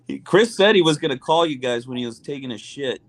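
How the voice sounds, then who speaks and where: A man's voice: mid-range voice, lively intonation, fairly quick, over a noisy crowd. A man chatting easily with friends and signing off from a casual hangout. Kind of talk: casual chat among friends.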